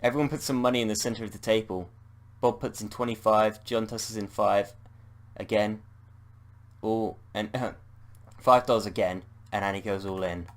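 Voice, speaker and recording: British man reading a text adventure game aloud as a gamer, slightly low voice, playful, swears at slips. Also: fairly even intonation, normal speed. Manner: playful, swears at slip-ups.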